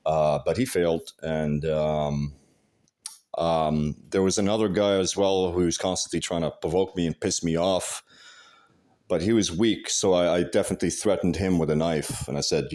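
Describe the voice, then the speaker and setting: A man's voice: low voice, darkish tone. A man in a casual rant, profane and agitated, swearing heavily and restarting his sentences. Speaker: vlogger.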